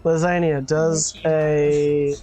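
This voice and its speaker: Woman game master, lowish voice, laughs through the narration, faint music underneath. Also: little pitch movement, warm tone. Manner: laughs often while narrating, quick asides.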